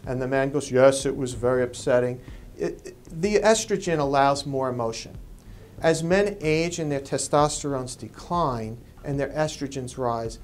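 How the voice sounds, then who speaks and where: Man, medical expert, explaining, animated quotes. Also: medium pitch, moderate pace, slight background noise. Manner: animated, acts out quoted people. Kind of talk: explanatory interview.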